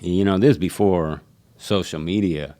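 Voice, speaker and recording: A man's voice: low voice, normal speed, mellow. A man, a barber, telling stories in a casual podcast conversation and acting out the voices of people he quotes.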